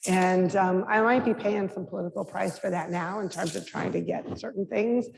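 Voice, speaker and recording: Gravelly middle-aged woman, candid and frank. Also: medium pitch, moderate pace, a little mellow. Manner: frank, conversational, many restarts and fillers. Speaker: mayor, guest speaker. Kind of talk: candid Q&A answers at a public talk. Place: lecture hall. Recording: reverberant hall with faint background noise.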